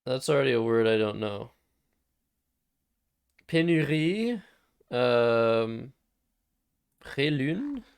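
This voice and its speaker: A man's voice: medium pitch, level tone, a little slow, vocal fry, hardly any pauses, clear, resonant tone, dry recording, studio quality. A man casually thinking aloud while playing word games on a live stream. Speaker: streamer and Scrabble player.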